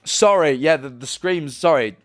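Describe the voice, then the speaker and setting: A man's voice: on the high side, normal speed, no room sound, faint music behind. Rambling young male streamer, dry close sound. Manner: rambling, stumbling tangents. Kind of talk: casual live-stream chat, reading viewer messages. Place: home streaming room.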